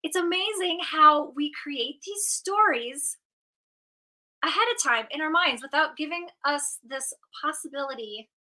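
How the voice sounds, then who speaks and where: A middle-aged woman coach giving an animated motivational talk, acting out inner voices as she goes. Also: high-pitched, poor audio. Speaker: positive intelligence coach.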